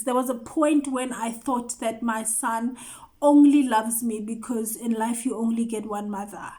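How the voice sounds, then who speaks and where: A woman hosting a show, giving an earnest personal testimony and repeating phrases for emphasis. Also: fairly high pitch. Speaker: host.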